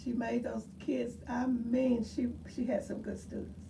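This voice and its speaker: An older woman, a retired teacher, reminiscing with fond, slow, exclaiming remarks. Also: fairly high pitch, vocal fry. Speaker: retired first grade teacher. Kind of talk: reminiscing while looking through a book. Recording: distant mic with steady background noise.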